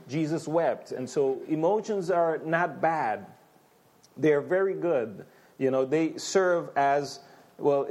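A man's voice: fairly high pitch, a little mellow. A man preaching a sermon as pastor, conversational and full of rhetorical questions, with frequent stammering restarts.

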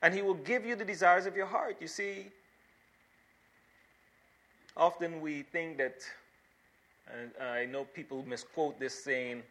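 A man's voice: fairly high pitch, measured pace, long pauses, a bit bright. A man preaching a sermon as pastor, reading scripture and stressing key words with repeated phrases.

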